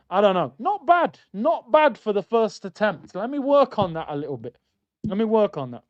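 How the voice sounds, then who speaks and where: With a high voice that swings widely in pitch, a man hosts a football watchalong, speaking at a moderate pace. He chats loosely and reads viewer comments in a casual live-stream manner. The sound is lo-fi.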